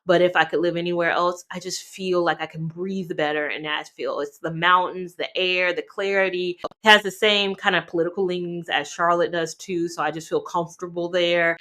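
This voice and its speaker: A woman from North Carolina chatting casually to camera as a travel vlogger, animated and talking straight to her viewers. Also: on the low side, brisk, hardly any pauses. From North Carolina, USA.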